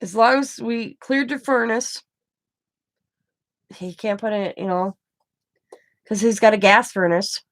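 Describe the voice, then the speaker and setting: A woman's voice: on the high side, measured pace, pauses often, no echo. A middle-aged woman, casually chatting and telling a rambling family story full of quoted back-and-forth. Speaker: craft channel host. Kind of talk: casual chat to camera.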